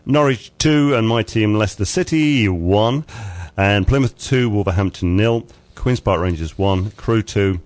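A man with a fairly low voice hosts a radio show. He reads sports results in a loose, chatty way, full of uhs and little chuckles. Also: a little slow, a little mellow. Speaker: radio host reading sports news. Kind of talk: casual radio chat and news roundup.

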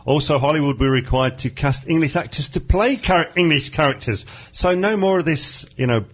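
A man's voice: on the high side, a little fast. A man hosting a casual comic radio chat show, joking and laughing with his co-host. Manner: jokey, laughing, playful banter.

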